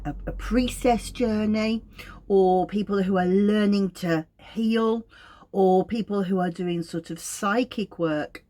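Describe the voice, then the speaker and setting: A middle-aged woman with a Wolverhampton accent, an aromatherapist explaining her practice to camera in a gentle, unhurried, thoughtful way. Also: mid-range voice. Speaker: clinical aromatherapist.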